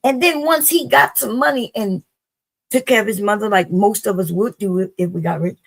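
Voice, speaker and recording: Gravelly woman arguing her point. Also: mid-range voice, normal speed, low-quality recording. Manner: argumentative, questioning, casual. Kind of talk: casual panel debate.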